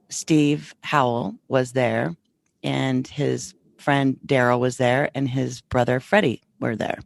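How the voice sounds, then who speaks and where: A woman's voice: rumbling low, vocal fry. A middle-aged woman hosting a podcast, telling a story in a chatty way and acting out the back-and-forth of what people said. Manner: chatty, quotes others in lively back-and-forth. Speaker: podcast host. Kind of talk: casual storytelling.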